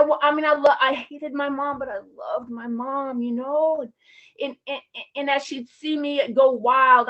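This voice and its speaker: A high-voiced woman from the Champaign, Illinois area shares her recovery story, speaking frankly, casually, and with open emotion while using slang. The audio is muffled, lo-fi conference sound.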